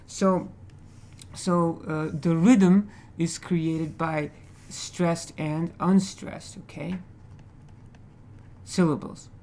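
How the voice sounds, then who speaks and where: A man teaching a literature class, speaking haltingly and checking in with the students after nearly every point. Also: fairly high pitch, steady tone, darkish tone. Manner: hesitant, many fillers. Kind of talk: classroom lecture.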